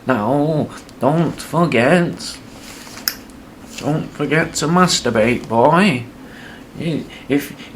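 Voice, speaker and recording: A man voicing a dithering, very old father who talks slowly and insistently in a quavering voice. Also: on the high side, a little hiss or hum, voice pushed up.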